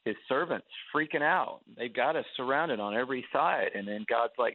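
A man who is a guest preacher, telling a story with animated delivery and acting out the voices of the people in it. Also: mid-range voice, normal speed, no echo. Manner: acts out quoted voices. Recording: tinny phone line.

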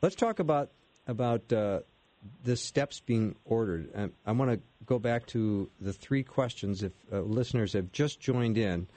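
A man hosting a Christian radio show who reviews questions for listeners in a relaxed, easygoing way. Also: lowish voice, unhurried, no echo. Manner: relaxed, with brief affirming murmurs. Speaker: radio host.

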